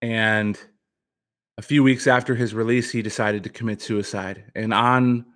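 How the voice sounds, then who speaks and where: The guest, a former pitcher who became an author, speaks reflectively and earnestly about his own experience, restarting sentences often. He keeps a measured pace and fairly even intonation, with a somewhat bright quality.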